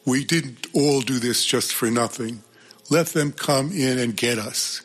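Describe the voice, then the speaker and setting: A man's voice: mid-range voice, unhurried, close to an everyday voice. A determined young girl refuses to back down, speaking firmly, as a man reading a book voices her lines. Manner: firm, determined.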